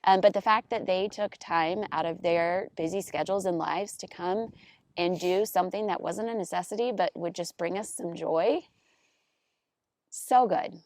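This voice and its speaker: A woman's voice: on the low side, fairly even intonation, normal speed, no echo. A woman co-hosting a podcast, telling heartfelt stories in casual chat. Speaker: podcast co-host.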